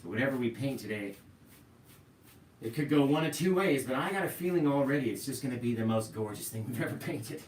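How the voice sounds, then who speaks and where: A middle-aged man teaches painting live from his home painting room, rambling easily through a story and turning to viewers with a steady "right?". His voice sits at an ordinary pitch and carries from a little way off the mic. The room sounds echoey, with a faint hiss underneath. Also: brisk, recorded from a distance. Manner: chatty, talks straight to viewers with frequent "right?". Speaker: painting instructor.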